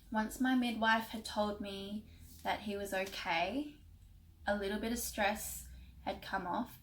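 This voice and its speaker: A young woman in a casual vlog, recounting a personal story. Her voice sits at an ordinary middle pitch, and she speaks with emotion, wandering through many fillers and restarts. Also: slight background noise, rough recording. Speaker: vlogger.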